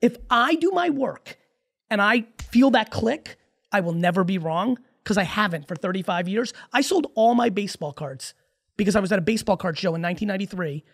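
A man in his forties, a podcast guest, talking in a casual, emphatic and profane way with rapid-fire stories. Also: high-pitched, expressive, creaky. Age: 40s.

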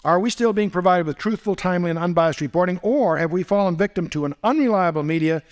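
An American Bible teacher with a high-pitched voice lectures at a quick pace, posing rhetorical questions and dropping wry asides.

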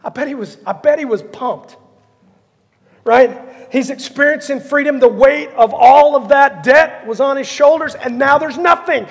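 A man's voice: very high-pitched, a little slow, creaky, big-room sound. A man preaching a sermon as pastor, telling a story animatedly and acting out the characters. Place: church sanctuary.

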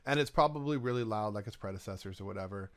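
A man's voice: lowish voice, fast talker, a bit bright, a little hiss or hum. Rambling man narrating his gameplay. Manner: talks to himself and game items, rambling. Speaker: gaming YouTuber. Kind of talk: casual let's-play commentary.

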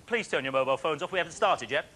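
A man presenting a phone-in quiz on a studio show, chatty and jokey with quick patter and frequent laughs. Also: on the high side, lively intonation. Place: TV studio with live audience. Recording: faint audience and studio noise.

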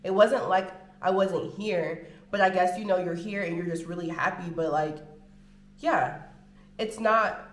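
Chatty American woman in an echoey room. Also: on the low side. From United States. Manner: chatty, animated, drawn-out filler words. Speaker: vlogger. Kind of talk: casual chat to camera. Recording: roomy home room echo.

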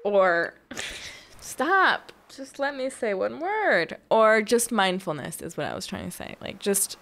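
Young woman rambling thru her farming game, talks to herself and her viewers, mid pitch. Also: very animated, normal speed, vocal fry, fairly bright tone. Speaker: gaming video host. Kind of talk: casual gameplay commentary.

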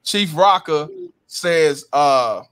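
A man hosts a casual livestream, reading viewer comments and chat names aloud and emphatically agreeing, repeating "hundred percent." His voice is on the high side, a bit bright and expressive, and he speaks very slowly.

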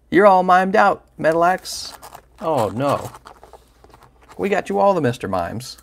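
A man hosts a casual livestream, joking and teasing his viewers as he opens packs. His voice is gravelly, with lots of up-and-down movement in pitch. A faint hiss of noise sits behind him. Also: sing-song, takes it slowly, long pauses. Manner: playful, chatty, teasing viewers by name, laughs often. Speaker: livestream host opening trading cards.

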